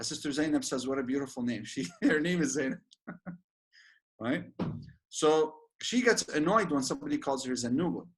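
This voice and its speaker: A sheikh giving an informal religious lecture, chatty and joking, with many fillers and restarts. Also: male voice, a little high, fairly bright tone. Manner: laughs at his own jokes.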